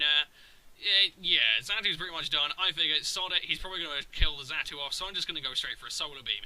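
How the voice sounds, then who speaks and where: A young man talks through his game battles in loose, chatty commentary. His voice sits a touch high and sounds very bright and edgy. He swears often and rambles with fillers as he gets excited. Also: rough recording. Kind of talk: casual gameplay commentary.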